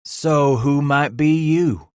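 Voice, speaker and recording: A man voicing a big, loud, swaggering frontier trapper leader in a gruff backwoods drawl, for an audiobook. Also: a little high, takes it slowly, dry recording, studio quality, voice pushed up. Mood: gruff bossy.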